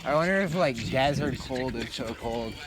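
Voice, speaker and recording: A man's voice: mid-range voice, expressive, moderate pace. A man vlogging outdoors as he walks uphill before dawn. He rambles through a casual monologue, swearing and filling his talk with ums and likes. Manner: meandering, swears a lot, full of fillers. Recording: music playing under the voice.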